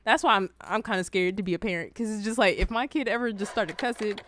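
A woman's voice: mid-range voice, fast, fairly bright tone, a little hiss or hum. A young adult woman chatting casually, telling funny childhood stories and reacting to comments. She laughs often and swears freely. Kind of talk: casual storytelling chat.

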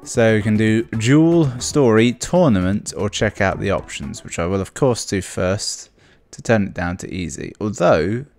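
A man's voice: on the low side, lively intonation, unhurried, creaky, hardly any pauses, a little mellow, soft background music. A man giving casual let's play commentary on a video game, with dry, sarcastic asides.

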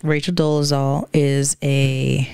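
A woman's voice: very deep voice, level tone, slow pace, gravelly, warm tone, clean tone, dry recording, clean studio sound. A young woman co-hosting a casual podcast, chatty and hesitant, full of fillers and restarts. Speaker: podcast co-host. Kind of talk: casual chat.

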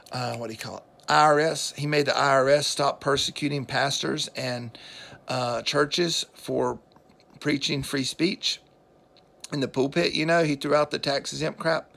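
Gravelly-voiced man on a rambling rant. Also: mid-range voice, fairly bright tone. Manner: opinionated, preachy, sidetracked with fillers. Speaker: political vlogger. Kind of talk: rambling political monologue.

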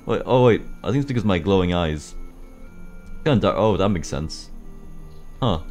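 A man's voice: sits low, animated, normal speed, a little mellow, faint music behind. A man voicing a goofy, whiny animatronic bear who stammers as he talks in a game machinima. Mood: flustered.

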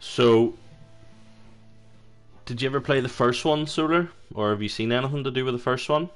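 A man's voice: medium pitch, moderate pace, faint music behind. A man, chatting casually to his viewers while live-streaming a video game. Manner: chatty, talks to viewers in chat.

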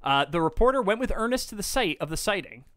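A man's voice: sits high, sing-song, fast talker, fairly bright tone, no echo, studio quality. A man hosting a casual podcast, rambling and joking with asides that trail off. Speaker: podcast host.

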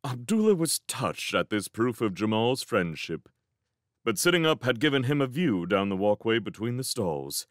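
A man reading a storybook aloud as narrator, with a measured, expressive storytelling manner. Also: medium pitch, dry recording, clean studio sound. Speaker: reader. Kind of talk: audiobook narration.

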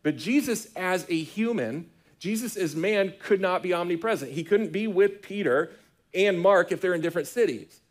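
A middle-aged man preaching a sermon as pastor, talking in a conversational, animated storytelling way with frequent restarts. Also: high-pitched, normal speed. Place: church sanctuary.

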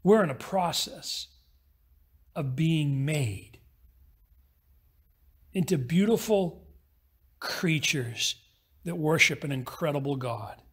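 A man preaching a sermon as pastor, telling a parable with quick, acted-out voices. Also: a little high, expressive, husky.

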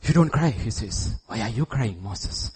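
A middle-aged man from India preaching a sermon in church, acting out God's words and shifting from hushed tones to loud outbursts. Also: on the low side, lively intonation, a little slow, husky. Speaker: pastor.

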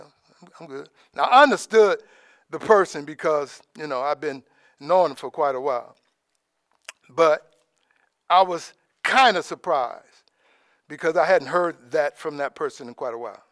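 A man giving an informal, conversational sermon as preacher, dropping in praise asides and trailing off softly. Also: fairly high pitch, moderate pace, no echo, studio quality. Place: church in Alaska.

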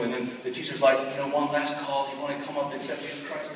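A young man preaching a sermon, telling a personal story and acting out what people said, going from loud excitement to hushed speech. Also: mid-range voice, fast, noisy background. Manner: storytelling with acted-out quotes. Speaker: pastor. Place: large hall at a retreat. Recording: echoey hall from far off.

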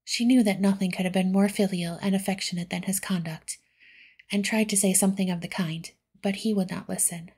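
A woman reading a classic novel aloud in a soft-spoken ASMR style. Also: medium pitch, fairly even intonation, a little fast. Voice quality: soft, breathy. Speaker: audiobook reader.

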